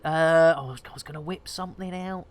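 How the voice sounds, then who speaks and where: A woman's voice: sits low, brisk. A woman chatting playfully and giggling with viewers on a live game stream, speaking into a headset.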